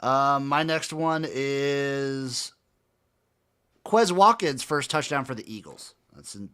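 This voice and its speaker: An excitable man co-hosts a sports betting chat and swears freely. His pitch swings widely as he talks. His tone is bright and forward. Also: slow pace, clear, resonant tone. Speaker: co-host. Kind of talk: casual sports betting banter.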